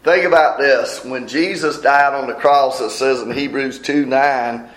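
A man's voice: medium pitch, fairly even intonation, unhurried, fairly bright tone, reverberant, low-quality recording. A man preaching a sermon in a folksy manner, explaining scripture verse by verse. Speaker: pastor.

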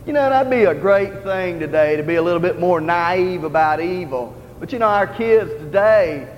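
A man's voice: high-pitched, expressive, moderate pace, a little hiss or hum. A man preaching in a church in an earnest, conversational style, repeating his points. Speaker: lay preacher. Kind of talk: sermon. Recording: dull, roomy hall recording with faint ambience.

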